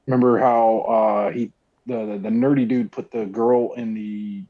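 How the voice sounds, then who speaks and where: A man's voice: steady tone, measured pace. A man calling into a livestream, talking in a rambling, earnest way over muffled call audio. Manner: rambling, earnest, low creepy-sounding voice. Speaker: call-in guest. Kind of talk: casual call-in chat.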